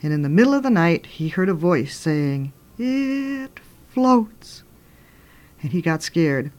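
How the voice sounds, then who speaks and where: A woman's voice: sits low, normal speed. Older woman telling spooky stories. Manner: animated, dramatic storyteller with sudden loud and hushed turns. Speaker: radio host and children's author. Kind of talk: storytelling on radio.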